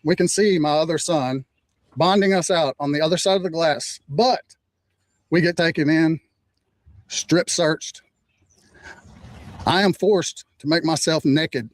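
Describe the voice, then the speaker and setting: An older man recounting what happened to him in a plain, measured way. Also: fairly high pitch, dry recording. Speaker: interviewee. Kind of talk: recounting a story.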